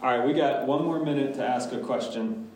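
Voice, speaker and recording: A man's voice: medium pitch, brisk, noisy background. A man, a pastor, answering a church class's questions in a candid, casual way, with many restarts. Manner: candid, talks in restarts and asides. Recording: echoey room, voice from a distance.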